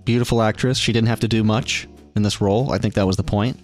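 A man's voice: lowish voice, steady tone, fast, music in the background. Sarcastic man recapping a movie. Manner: sarcastic, jokey recap with mock quotes. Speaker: podcast host reviewing a film. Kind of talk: casual chat.

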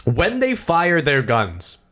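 A young man on a podcast rambles through a movie recap, swearing freely and piling up side notes. His voice sits a little high for a man. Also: slow pace. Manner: rambling, animated, profane, full of side notes. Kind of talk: casual chat.

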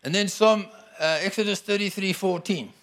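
Male preacher, high-pitched, conversational sermon delivery with emphatic declarations. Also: normal speed, a bit bright.

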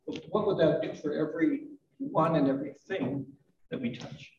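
An older man gives a gentle, reflective sermon at a live church service, with soft asides and a touch of self-deprecating humor. His voice sits a little high and comes from some way off the mic. The live recording is dull and roomy. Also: moderate pace, recorded from a distance, crowd noise. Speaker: pastor.

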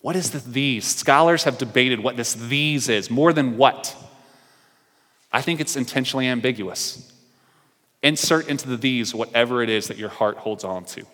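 A man's voice: medium pitch, moderate pace, a bit bright. Male preacher in a reverberant hall. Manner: storytelling preacher who acts out the characters' dialogue. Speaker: pastor. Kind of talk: sermon.

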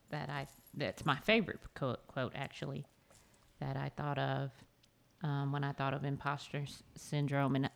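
A woman with a doctorate speaking as a guest panelist, reflective and halting, with many pauses and restarts. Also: deep voice, clean tone. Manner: hesitant, halting, soft-spoken.

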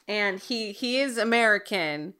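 Bright-voiced chatty woman co-host. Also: medium pitch, a little slow, clear, resonant tone. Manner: chatty, animated, laughs often. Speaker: podcast co-host. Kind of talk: casual chat.

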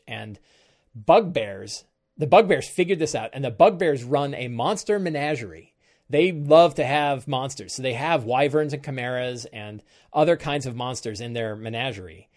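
A man's voice: mid-range voice, expressive, moderate pace. A middle-aged man hosting a live stream about game prep, talking casually and thinking aloud as he goes, often correcting himself mid-sentence. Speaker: game master and show host.

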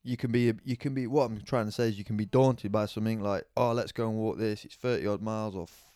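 A man's voice: on the low side, steady tone, fast talker, darkish tone, no room sound, clean studio sound. A man co-hosting a podcast, easygoing, agreeing a lot and making wry jokes. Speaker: podcast co-host. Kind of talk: casual chat.

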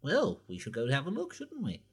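A man playing a tabletop game, asking quick offhand questions. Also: medium pitch, huge pitch swings, husky, faint music behind. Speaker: player.

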